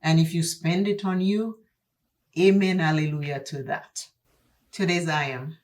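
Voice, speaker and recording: A woman's voice: low-pitched, steady tone, a little slow, a little mellow. A woman with an accent, talking while doing her makeup in a chatty get-ready-with-me vlog, emphatic and preachy, repeating herself for stress. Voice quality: speaks with an accent. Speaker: beauty vlogger.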